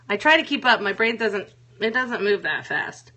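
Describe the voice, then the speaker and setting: A woman's voice: medium pitch, lively intonation, moderate pace, pushed and bright. A woman hosting a casual solo talk show, frank and chatty, swearing freely and reading viewer comments aloud. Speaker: show host.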